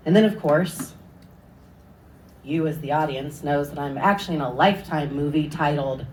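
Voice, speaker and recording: A woman doing stand-up, telling a crude story in a dry, deadpan way with sudden hushed asides. Her voice sits a little low. She is picked up from a distance, with clear room noise behind her. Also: moderate pace. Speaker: stand-up comedian.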